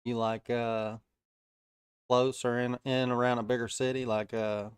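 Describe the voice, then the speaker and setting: Southern guy chatting thru a live trading stream, smooth clear voice, dry close sound, lots of uhs. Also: medium pitch, level tone, measured pace, no room sound. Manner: easygoing, chatty, frequent "uh" fillers. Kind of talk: casual live-stream market commentary.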